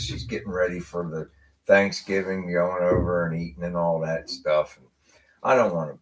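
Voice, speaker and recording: American guy with a low voice, telling a story on a live show, voice jumps all over. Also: moderate pace. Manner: animated storyteller, acts out voices of people in his story. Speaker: podcast host. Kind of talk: casual storytelling chat.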